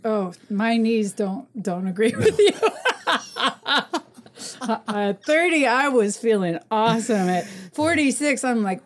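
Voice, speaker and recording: A woman's voice: fairly high pitch, lively intonation, slow. A woman in her forties chatting casually as a podcast guest, teasing and laughing often. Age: 40s. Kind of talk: casual chat.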